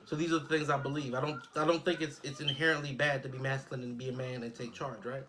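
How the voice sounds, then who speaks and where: A man's voice: medium pitch, little pitch movement, quick pace, crowd noise. A man in his thirties co-hosting a casual podcast, speaking earnestly and reflectively, often checking in with "right?". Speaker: podcast co-host.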